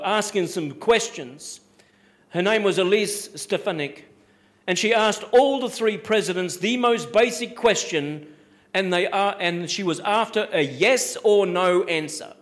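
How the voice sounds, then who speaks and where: Man, pastor, sermon, high voice for a man, emphatic, repeats phrases, rhetorical questions.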